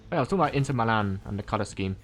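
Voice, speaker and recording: A man's voice: on the low side, animated, very fast, faint music behind. A man from Ireland streaming a game, chatting casually and a bit groggily, rambling with fillers and restarts. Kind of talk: casual chat while playing a game.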